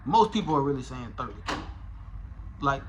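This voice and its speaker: A man giving a casual, profane, animated review of a rap battle, talking in slang and restarting his sentences often. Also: medium pitch, normal speed, highs cut off, a little hiss or hum. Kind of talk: casual commentary.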